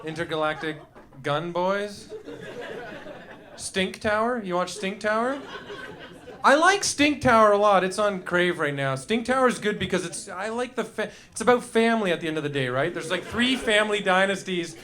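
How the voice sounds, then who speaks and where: A young man performs loose stand-up on a club stage through a handheld mic, wandering between bits and teasing the crowd. His voice sits fairly high for a man, and he drifts into silly put-on voices. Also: animated, normal speed, fairly bright tone. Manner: goofy, rambling, jumps into silly voices. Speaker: stand-up comedian. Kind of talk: loose stand-up riffing with the audience.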